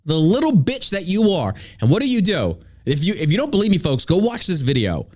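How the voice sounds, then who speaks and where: A man's voice: high voice, huge pitch swings, a little fast, darkish tone. A man hosting a podcast, ranting through political commentary in a heated, profane way. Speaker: podcast host.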